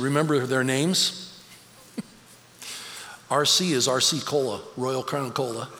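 A man's voice: a little high, a bit bright, slight background noise. A middle-aged man giving a conversational, storytelling sermon as a guest speaker in a church. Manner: conversational, storytelling, emotional at times. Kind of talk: personal sermon talk. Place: church sanctuary. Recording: church hall reverb, faint ambience.

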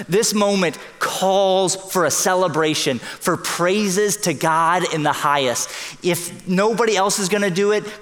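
Pastor, male, earnest sermon delivery, slightly high voice, reverberant sanctuary. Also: a bit bright. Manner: earnest, emphatic preaching with quick bursts and slow stressed lines. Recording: long hall reverb.

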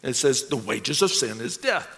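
A man voicing a stiff, formal, old-school businessman who mentors youth, speaking in a measured, proper, instructive way. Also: medium pitch, animated, gravelly, fairly bright tone, voice pushed down. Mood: earnest coaching. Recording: long hall reverb.

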